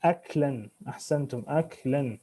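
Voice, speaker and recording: A man's voice: medium pitch, racing, dark tone. A man teaching Arabic grammar in an online class, switching between English and Arabic, restarting phrases and quizzing his students.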